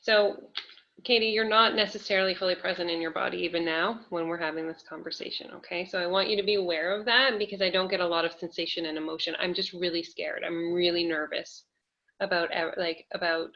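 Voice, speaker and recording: A woman energy healer guiding a listener gently, with a coaxing, hesitant way of talking. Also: fairly low pitch, fairly even intonation, a little fast. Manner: gentle, coaxing, many fillers and laughs. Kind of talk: live energy healing session. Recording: dull lo-fi audio.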